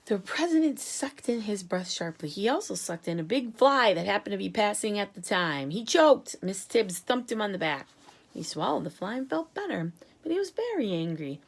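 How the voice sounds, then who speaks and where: A teacher reads a children's chapter book aloud, bringing the story to life expressively. She has a gravelly, mid-range voice and keeps a moderate pace.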